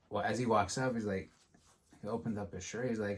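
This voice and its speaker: A man hosting a podcast, telling a story in casual chat and acting out the quotes with lively energy. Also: lowish voice, moderate pace, pauses often. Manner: animated, acts out quotes in a storytelling style. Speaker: podcast host.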